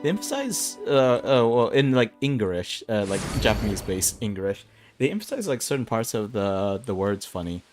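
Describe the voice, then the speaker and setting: A man's voice: on the low side, very animated, moderate pace. A young man streaming an online game, rambling through casual commentary with self-mocking asides. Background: game music.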